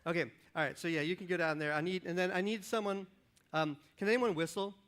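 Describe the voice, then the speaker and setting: A man preaching as a pastor from a church stage, joking with and directing volunteers in a lively, upbeat sermon. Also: high voice, quick pace, slight background noise. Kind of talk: lively sermon with audience participation. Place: church stage before a congregation. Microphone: stage microphone.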